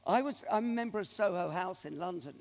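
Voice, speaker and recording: A man's voice: sits high, a little fast. A man giving a keynote speech, telling anecdotes to an audience in a large conference hall. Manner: animated anecdotal storyteller. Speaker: keynote speaker. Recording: long reverb of a large hall.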